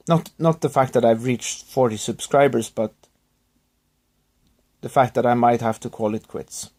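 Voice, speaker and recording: Male vlogger, subdued and halting, recovering from illness, apologetic in tone. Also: medium pitch, darkish tone. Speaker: YouTuber thanking subscribers. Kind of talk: rambling personal vlog.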